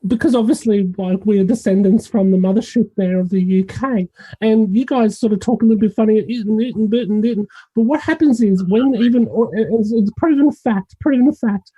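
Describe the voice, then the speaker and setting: A woman's voice: mid-range voice, brisk, dark tone, husky, poor audio. An Australian woman guest on a video call, joking and easygoing, with frequent ums. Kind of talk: casual livestream chat.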